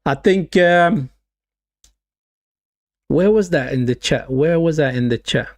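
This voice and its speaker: Taking things slowly, this fairly high-pitched man narrates a football match live as a watch-along. The action excites him, and he often says the same phrases again while reading out messages from the chat.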